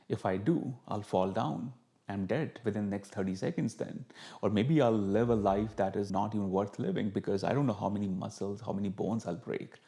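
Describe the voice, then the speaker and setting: A man tells a teaching story to camera in a calm, unhurried way. His voice sits low and sounds warm and mellow. He slips into the inner dialogue of the people in the story as he tells it. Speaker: spiritual teacher.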